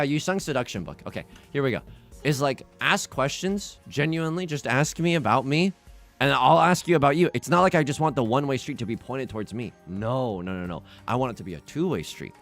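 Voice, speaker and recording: A young man chatting on his livestream, his voice pitched a little high and swinging widely up and down. He talks in animated, self-mocking bursts, stumbling over repeated restarts. Faint music plays softly behind him. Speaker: streamer. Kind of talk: casual livestream chat.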